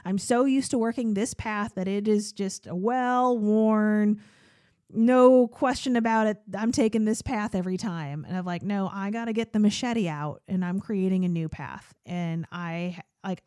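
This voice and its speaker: A woman's voice: medium pitch, moderate pace, dark tone, clean tone, no room sound. Woman podcast host, candid and chatty, frequent laughter, dry close sound. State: tearful at times. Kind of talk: personal solo podcast talk.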